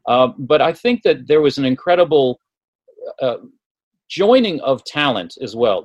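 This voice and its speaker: Male music historian as a guest, mid-pitched voice, thoughtful and earnest. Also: no echo. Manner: earnest, thoughtful, with many fillers. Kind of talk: casual radio chat.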